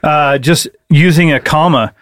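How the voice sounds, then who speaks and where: A playful man co-hosts a loose comedy podcast, riffing on jokes and cursing now and then. His voice is high for a man and sounds dry and close to the mic. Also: unhurried, a bit bright, dry recording. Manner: playful, profane, riffs with silly voices. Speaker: podcast co-host. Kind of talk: casual comedic chat.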